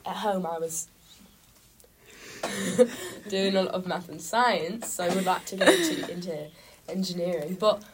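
A woman's voice: lowish voice, animated, unhurried, pauses often, crowd noise. Young woman from the UK, hesitant. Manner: hesitant, many fillers and restarts, laughs often. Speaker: exchange student guest. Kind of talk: casual chat.

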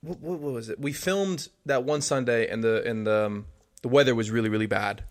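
Fast-talking profane young man. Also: medium pitch. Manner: storytelling, profane, animated retelling. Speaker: podcast co-host. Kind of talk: casual chat.

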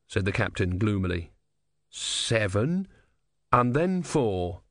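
A man narrates a comic fantasy novel for an audiobook. His reading is expressive, with lively pitch. The recording is dry and close. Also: normal speed, no echo.

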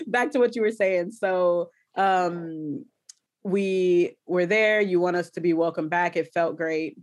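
A woman hosting an interview in a casual, expressive, chatty way, full of affectionate interjections. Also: on the low side, slow. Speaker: host.

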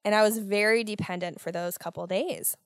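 A young American woman hosting a podcast, telling a story in a casual, animated way with lots of swearing and exasperated ranting. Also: medium pitch, a little fast, clean tone, dry recording, studio quality. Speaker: podcast host.

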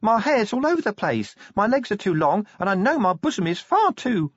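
Guy putting on a high soft girly voice, sweet and kinda dim, dull dry audiobook sound. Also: very animated, normal speed, breathy edge, no room sound, heavily acted. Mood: earnest. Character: sweet, dim, shy young beauty woman.

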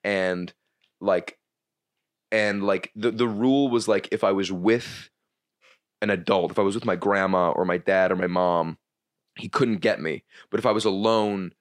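This young man, a stand-up comic, speaks low while chatting loosely on a podcast, rambling, halting, restarting frequently, and swearing.

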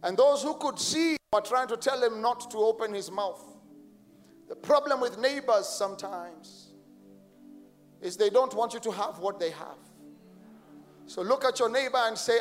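A man preaches with rising fervor, his very high voice pushing into shouts as he leads the congregation in responses. His words ring out with a long stadium echo. Soft music plays underneath. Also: a little slow, long pauses. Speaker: pastor. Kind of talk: sermon. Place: large stadium crusade.

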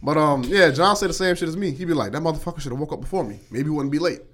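A man's voice: fairly high pitch, very fast, a little hiss or hum. A young man co-hosting a casual podcast chat, telling work stories and acting out his coworkers' lines. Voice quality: animated storyteller, acts out coworkers' lines. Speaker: podcast co-host.

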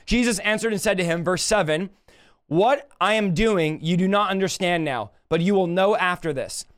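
A man preaching a livestreamed sermon, emphatic and impassioned, slowing down to draw out scripture quotes and rising sharply when he rebukes. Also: high voice, a bit bright, clean tone. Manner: slows to drawn-out delivery when quoting scripture.

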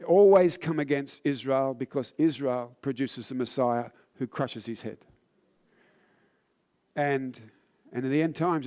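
A tired man preaching a sermon, telling a personal story with rising fervor and then turning low and solemn. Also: dark tone. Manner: earnest, builds in intensity then drops low and solemn.

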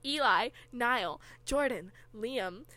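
A woman's voice: a little high, animated, takes it slowly, pushed and bright, no echo. A woman co-hosting a comedy podcast, reading fanfiction aloud with frequent giggles and banter. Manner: giggly, often laughing mid-sentence.

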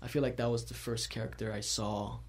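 A man at the middle of the usual pitch range hosts a casual conversation. He tells his story with animated energy and breaks into laughter often. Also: a little fast. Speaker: host. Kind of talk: casual chat.

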